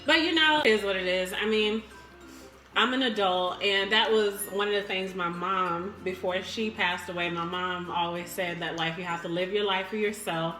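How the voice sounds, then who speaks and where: A woman's voice: medium pitch, moderate pace, sharp tone, roomy sound, faint music behind. A woman chatting casually to her viewers in a home vlog, laughing often and calling them y'all. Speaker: vlogger. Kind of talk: casual mukbang chat.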